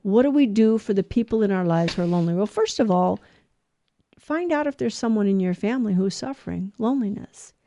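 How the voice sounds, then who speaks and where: A woman's voice: medium pitch, animated, brisk, warm tone, a little hiss or hum. A woman giving a scripture talk, telling Bible stories and acting out the characters' lines with light laughs between points. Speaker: Bible teacher.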